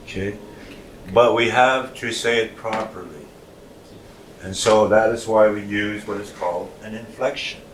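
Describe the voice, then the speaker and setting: A man teaching a language class, speaking slowly and patiently and repeating words for his students. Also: fairly low pitch, steady tone, a little hiss or hum. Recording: roomy sound from a distant mic, faint ambience.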